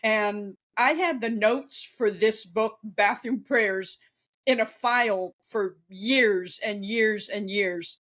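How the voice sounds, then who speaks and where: A woman's voice: mid-range voice, slow, a bit bright. A woman in her fifties, a guest author, talking candidly in an interview with easy laughter. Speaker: guest, author and former ghostwriter. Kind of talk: conversational interview.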